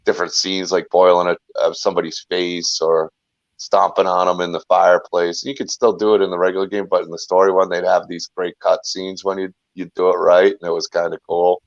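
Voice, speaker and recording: A man's voice: low-pitched, flat delivery, brisk, dry recording. A man talking as a guest in a casual chat, rambling and talkative, often restarting his sentences. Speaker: guest, filmmaker and YouTuber. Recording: dull lo-fi sound.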